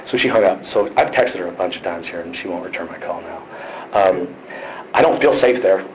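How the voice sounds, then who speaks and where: A man's voice: fairly low pitch, fast talker. Anxious rambling man, noisy recording. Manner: anxious, rambling, many fillers and restarts. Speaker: complainant. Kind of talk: casual conversation. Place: police station. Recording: noisy, echoey room from a distance.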